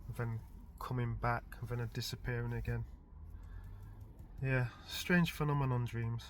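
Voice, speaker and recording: A man's voice: mid-range voice, fairly even intonation, a little slow, slight background noise. A middle-aged man casually telling a rambling story about a dream, chuckling often and filling his talk with "like" and "type thing". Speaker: vlogger recounting his dreams.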